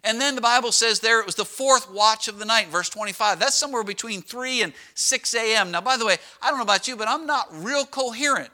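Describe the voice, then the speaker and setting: A middle-aged pastor preaching a sermon, telling stories with lively slowdowns and sudden drops to a hush. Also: male voice, extremely high pitch. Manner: animated storytelling with dramatic slowdowns and drops to a hush.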